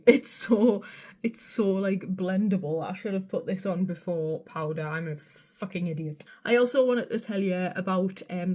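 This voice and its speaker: A woman's voice: lowish voice, a little mellow. A woman with a North East English accent chatting loosely through a makeup tutorial at her home vanity, rambling and swearing casually. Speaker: beauty vlogger.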